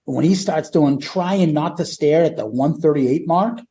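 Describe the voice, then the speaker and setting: A man's voice: on the high side, measured pace, warm tone. A man co-hosting a podcast, chatting casually about a live album with blunt, profane remarks. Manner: profane, reads notes with timestamps, mimics stage banter. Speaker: podcast co-host. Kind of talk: casual music review chat.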